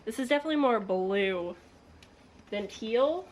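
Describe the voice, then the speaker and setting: Young woman, book vlogger, slightly high voice, chatty and giggly, a bit breathless. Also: unhurried. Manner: chatty and excitable, laughs often. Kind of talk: casual vlog chat.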